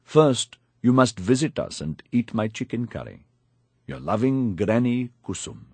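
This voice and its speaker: A man's voice: medium pitch, very animated, measured pace, dark tone, husky, dry recording, full character voice. A man voicing a scheming old village grandmother, bossy and coaxing in a matter-of-fact way, in an audiobook narration.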